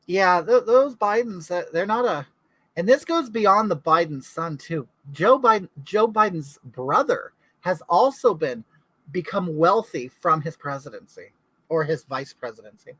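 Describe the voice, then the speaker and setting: A man's voice: high-pitched, lively intonation, a little slow, sharp tone, dry recording, low-quality recording. A man from California hosting a casual livestream, chatting to viewers and reading their comments aloud in a gossipy way. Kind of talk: casual chat.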